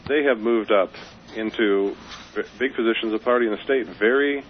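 Low-voiced guy phoning into a radio show, earnest and pushy, tinny phone sound with a little hiss. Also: normal speed. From Colorado. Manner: earnest and persuasive, with fillers. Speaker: caller. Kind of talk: phone-in talk. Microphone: telephone.

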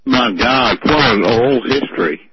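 A man co-hosting a talk radio show, measured and agreeable. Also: medium pitch, lively intonation, slight background noise. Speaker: radio co-host. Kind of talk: radio conversation. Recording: dull dry lo-fi radio sound.

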